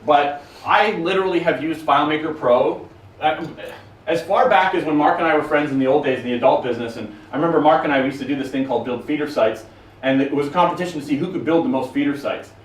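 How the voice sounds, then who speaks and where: A man with a slightly high voice talks to a conference audience, blunt, profane and joking as he answers their questions. He sounds distant from the mic in a roomy hall, with faint noise behind him. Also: quick pace. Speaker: conference speaker taking questions. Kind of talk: casual talk with audience Q&A.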